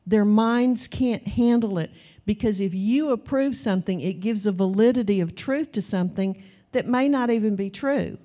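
Animated, chatty woman preacher. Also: mid-range voice, normal speed, lo-fi sound. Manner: conversational, animated storytelling, many "you know"s. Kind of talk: sermon.

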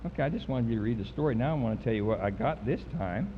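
A man's voice: mid-range voice, lively intonation, rapid-fire. A man preaching a sermon in a church, emphatic and folksy, repeating words for effect. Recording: slightly dull recording with faint background noise.

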